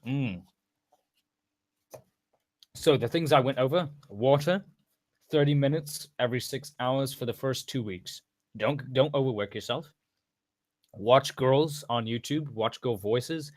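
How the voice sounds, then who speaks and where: Brief: casual male voice coach, rambling and full of restarts, mid-pitched, dry close mic. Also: no echo. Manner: rambling, many restarts and asides. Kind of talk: casual voice-training tutorial.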